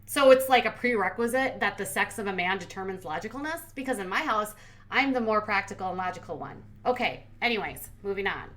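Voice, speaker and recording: A woman's voice: mid-range voice, expressive, a little fast, fairly bright tone. A woman hosting a commentary channel, recapping a reality show in casual, sarcastic, blunt talk full of "like". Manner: sarcastic, blunt, heavy use of "like".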